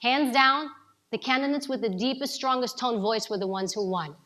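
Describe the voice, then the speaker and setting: A woman from New giving an energetic coaching talk to a live audience, asking them questions. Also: a little high, normal speed. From New York City. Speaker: speaker at a summit.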